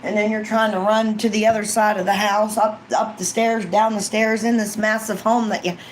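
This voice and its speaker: A woman's voice: mid-range voice, little pitch movement, moderate pace, a little hiss or hum, low-quality recording. A woman, an ASMR vlogger, chatting casually and rambling on a live stream, acting out quoted lines as she goes.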